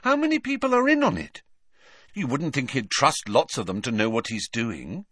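A clever teenage girl witch from a storybook, brisk and serious, spoken well above the reader's natural pitch by a man. She lectures precisely, with lively movement in the voice and a dry, close sound. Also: no echo. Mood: earnest.

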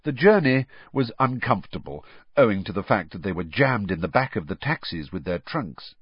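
A man narrates a storybook in a low, husky voice with a lively, rising and falling pitch. The recording is dry and close, with a slightly dull tone. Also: moderate pace, dry recording. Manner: expressive storybook reading. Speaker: audiobook narrator. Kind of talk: scripted narration.

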